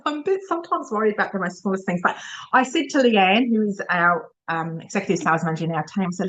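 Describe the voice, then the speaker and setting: A middle-aged woman with an Australian accent speaks in a chatty, emotional way, often laughing and restarting her sentences. Her pitch sits in the middle for a woman. The recording sounds a little dull and lo-fi. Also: lively intonation, quick pace, a bit bright. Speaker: sales director giving a presentation. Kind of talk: informal motivational talk.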